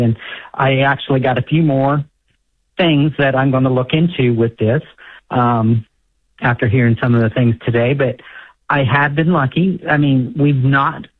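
A man's voice: mid-range voice, dry recording. Older male caller on a tinny phone line. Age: 60s. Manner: agreeable, halting, with restarts. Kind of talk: call-in radio conversation.

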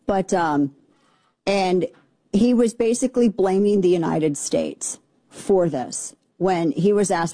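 A woman's voice: fairly low pitch, a little slow, mellow, dry recording. A woman hosting a political commentary show, talking in an indignant, exasperated way with many restarts. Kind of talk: opinionated commentary monologue.

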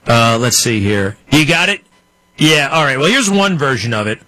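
A man's voice: medium pitch, lively intonation, moderate pace, pushed and bright, no room sound, rough recording. A man hosting a political commentary show, ranting in a combative, mocking way from a studio.

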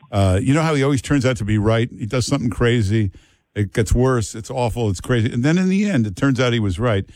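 A man's voice: on the low side, a little mellow, no room sound. A man hosting talk radio, blunt and joking, talking to callers and his co-host. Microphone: studio mic.

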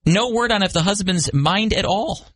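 A man's voice: high-pitched, moderate pace, a bit bright, no room sound, clean studio sound. A man co-hosting a talk show, chatting and joking casually as he tells stories to his co-host. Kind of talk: casual banter.

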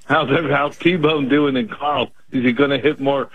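Teasing, opinionated caller on a dull line. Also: male voice, medium pitch, steady tone, unhurried, fairly bright tone, slightly rough, dry recording. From San Antonio, Texas.

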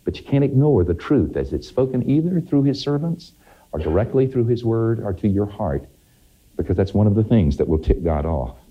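Lively preaching man, lo-fi sermon tape. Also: on the low side, normal speed, slightly rough. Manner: emphatic, rising to exclamations. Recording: dull lo-fi sermon recording.

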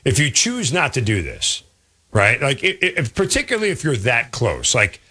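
Male sports radio host, lively and bright, slightly husky. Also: mid-range voice, normal speed. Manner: animated, conversational. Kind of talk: call-in radio chat. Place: radio studio.

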